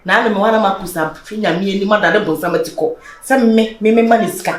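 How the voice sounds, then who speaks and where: A woman's voice: medium pitch, fast, a little hiss or hum, close to an everyday voice. An actress with a Ghanaian accent playing a young woman wronged by her lover, lamenting and pleading in mixed Twi and English. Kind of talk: Ghanaian film acting. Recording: echoey room.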